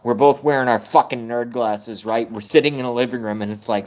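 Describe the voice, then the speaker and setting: A man's voice: medium pitch, moderate pace, hardly any pauses. A man in his thirties ranting on a live stream, rambling and self-mocking, swearing often. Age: 30s. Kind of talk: casual rant on a live stream.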